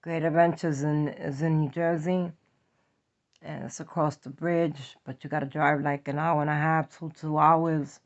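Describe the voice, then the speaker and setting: A woman's voice: sits low, level tone, measured pace. A woman from New York with a New York accent, telling a personal story in a blunt, profane, emphatic way. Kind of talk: confessional story time. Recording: dull lo-fi audio.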